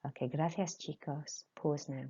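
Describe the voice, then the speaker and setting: A woman teacher giving brisk, friendly instructions in a recorded language lesson. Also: low voice, steady tone, dark tone, husky. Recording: dull lo-fi audio.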